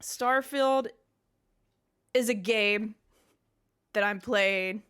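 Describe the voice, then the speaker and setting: A woman's voice: medium pitch, extremely slow, fairly bright tone, slight background noise. A woman co-hosting a gaming podcast in casual chat, rambling and jokey as she drifts into tangents. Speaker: podcast co-host.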